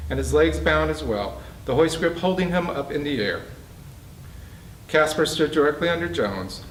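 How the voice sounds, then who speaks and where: Man, author, reading his novel aloud, steady storytelling, bookstore, distant roomy sound. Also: medium pitch, a little hiss or hum.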